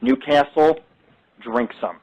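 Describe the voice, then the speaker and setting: Man, radio host, crude boastful rambling talk, slightly high voice, home studio. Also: slow pace, low-quality recording. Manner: loud, crude, boastful storytelling. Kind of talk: rambling profane casual talk.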